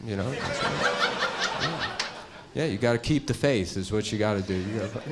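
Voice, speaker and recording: A man doing a stand-up comedy set on stage before a live audience, talking in a crude, deadpan way and slipping into mocking voices. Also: on the low side, moderate pace, heavy background noise.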